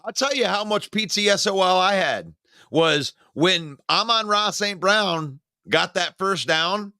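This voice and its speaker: A man's voice: high voice, animated, measured pace, sharp tone, clean tone, no room sound. A man co-hosting a casual sports talk show, talking emotionally and rambling with frequent restarts.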